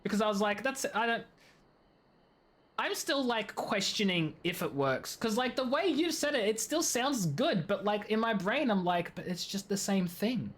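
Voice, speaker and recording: A woman streaming a game, chatting in an animated, rambling way with lots of tangents and giggling. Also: medium pitch, normal speed. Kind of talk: gaming stream commentary.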